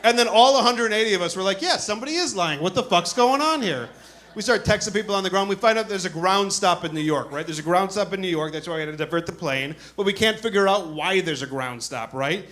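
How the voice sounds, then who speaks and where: A man performing a stand-up comedy set on a club stage, telling a story in an animated way and acting out other people's voices. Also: high voice, quick pace, few pauses. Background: audience laughter.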